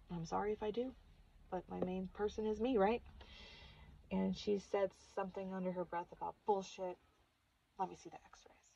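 A woman in her thirties telling a personal story on her vlog in an emotional, confessional way. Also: lowish voice. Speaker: vlogger. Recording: dull lo-fi recording.

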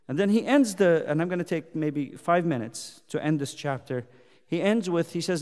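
A man's voice: high-pitched, a little fast. A man leading a youth Bible study, talking casually and then voicing scripture with force. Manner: conversational, animated, voices God's words emphatically. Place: church hall. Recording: long hall reverb.

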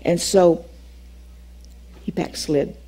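Her voice is lowish, very slow and a bit rough as this older woman teaches a Bible class. She relates a personal story animatedly, voicing the dialogue and laughing a lot.

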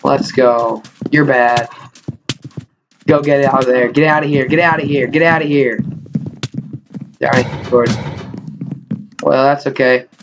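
Young male gaming streamer, mid-range voice, excitable self-deprecating play-by-play, noisy desk recording with mouse clicks. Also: medium pitch, a little slow, pauses often. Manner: excitable, self-mocking, exclaims often. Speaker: gaming YouTuber. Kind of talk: live gameplay commentary.

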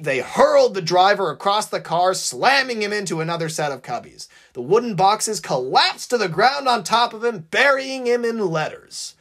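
A narrator reading a fan-written story aloud in an expressive, animated way. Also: medium pitch, slightly rough.

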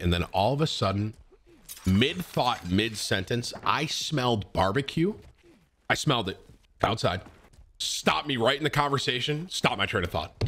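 A young man commenting casually on a video game stream, eating as he talks. His voice is bright and forward, and his pitch jumps all over the place as he gets worked up. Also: normal speed, a little hiss or hum. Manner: excitable, talks while eating.

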